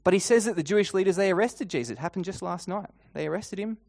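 A man with a high, creaky voice preaches a sermon as a guided, second-person imaginative story. He swings between loud and hushed lines, repeats a refrain, and stumbles into halting restarts.

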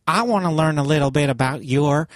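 A man voicing a folksy male outsider in an improvised comedy sketch, with a slow, drawn-out delivery. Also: fairly high pitch, dry recording, clean studio sound, lightly acted. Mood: odd folksy. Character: male outsider "Out of Town Guy", odd folksy manner.

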